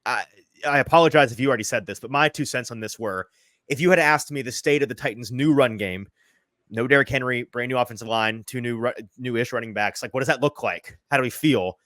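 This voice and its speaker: A man's voice: medium pitch, fairly bright tone, dry recording. Sports podcast host guy, chatty and jokey, bit out of breath, dry close mic. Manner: chatty, self-deprecating, quick asides. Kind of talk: casual sports podcast chat. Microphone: headphones, remote call.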